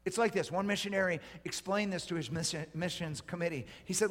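A pastor preaching a sermon, swinging from hushed whispers to loud, urgent appeals. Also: male voice, high voice, a little fast, few pauses, big-room sound.

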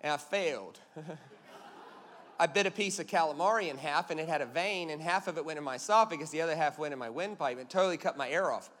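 A man's voice: a little high, fairly quick, fairly bright tone, long reverb tail. A man preaching a sermon as a pastor, emphatic and punchy, telling stories with jokes.

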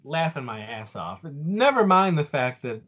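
A man's voice: a little high, sing-song, a little slow, fairly bright tone, highs cut off. A man in his forties on a casual podcast, telling a story with lots of fillers and restarts. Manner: rambling, with many fillers and restarts.

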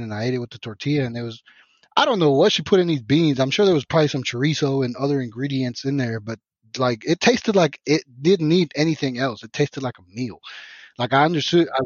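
A man's voice: mid-range voice, fairly quick, no echo. A man from Mexico telling a rambling, profane story in casual podcast chat, full of restarts. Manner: profane, rambling, animated retelling with many restarts. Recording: dull lo-fi podcast audio.

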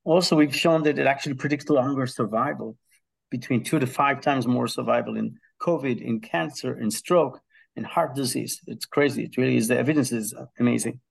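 Podcast guest, male professor, gravelly texture, lots of "um" hesitations, eager explainer. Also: mid-range voice, a little fast. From Israel. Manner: enthusiastic, uses analogies, frequent hesitations. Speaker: guest, health psychology professor. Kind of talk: conversational explanation.

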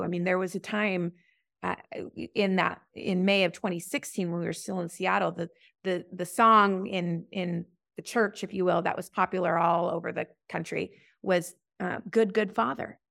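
A middle-aged woman sharing her faith story in an interview, earnest and halting, often restarting her sentences. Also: steady tone, creaky, a bit bright, no echo, studio quality. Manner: earnest, halting, many restarts, rises high when recalling prayers. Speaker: podcast guest. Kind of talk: testimony in an interview.

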